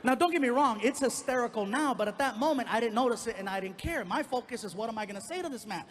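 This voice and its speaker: High-voiced comedian on a reverberant stage. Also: male voice, quick pace, a little hiss or hum. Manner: animated, acting out quoted people in the story. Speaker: stand-up comedian. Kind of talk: stand-up storytelling. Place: comedy stage before a live audience.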